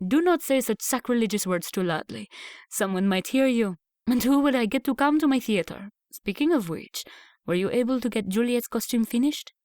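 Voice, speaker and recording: A playful young Frenchman who runs a theatre, speaking with a soft French accent in a teasing, theatrical manner, as a woman narrator puts him on. The voice is dry and close, in an audiobook reading. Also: a little high, expressive, normal speed, no echo, lightly acted.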